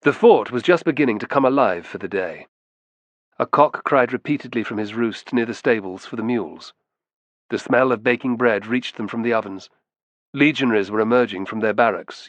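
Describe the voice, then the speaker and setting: Male audiobook narrator, lowish pitch, steady, measured delivery, dry close-mic studio sound. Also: dry recording. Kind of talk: scripted narration.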